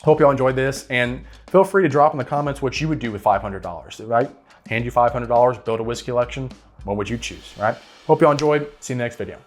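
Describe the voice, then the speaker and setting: A man with a mid-range voice talks fast as he hosts a whiskey channel, casually recommending bottles to the camera. He's relaxed, repeats words, and keeps tossing in "right?" while faint guitar music plays behind him.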